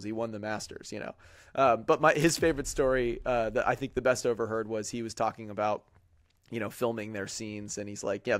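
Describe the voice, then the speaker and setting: A man's voice: lowish voice, no echo, studio quality. A man hosting a podcast, telling a long story in a rambling way with lots of fillers and quoted voices. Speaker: podcast host. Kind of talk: casual chat.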